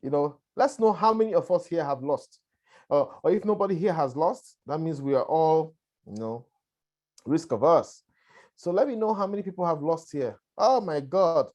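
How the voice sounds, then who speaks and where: A man's voice: a little high, animated, normal speed, a little mellow. A man with a lingering cough gives a conversational webinar presentation. He keeps checking in with listeners. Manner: conversational, repetitive, checks in with "all right" and "right". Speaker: presenter on a conference call.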